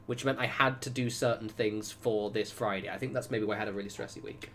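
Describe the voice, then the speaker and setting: A man's voice: lowish voice, fairly even intonation, quick pace, sharp tone, slight background noise. Chatty man with a Southern English accent. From England (Wiltshire, Southwest). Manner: chatty, rambling, swears casually, laughs and reacts aloud. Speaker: game streamer. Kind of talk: casual livestream chat over gameplay.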